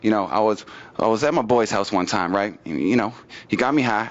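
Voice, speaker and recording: A man doing open mic stand-up comedy, with a loose, rambling delivery full of fillers and repeats, swinging his pitch widely for impressions. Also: animated, brisk, fairly bright tone, dull audio. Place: small studio stage with audience.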